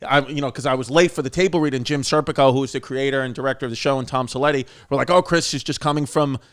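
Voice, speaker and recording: A man in his thirties co-hosting a comedy podcast, telling stories in an animated way and acting out what people said. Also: medium pitch, rapid-fire. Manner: animated storytelling, acting out quotes. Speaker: podcast co-host. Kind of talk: casual comedy podcast chat.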